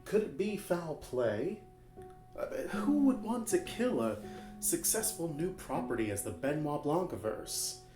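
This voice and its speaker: A man putting on the voice of a grandiose gentleman detective with an accent, drawing out each line with mock drama. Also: a little high, sing-song, roomy sound, pitched above the performer's own voice. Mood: mock dramatic. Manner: theatrical, drawn-out mock-dramatic delivery. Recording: guitar music underneath.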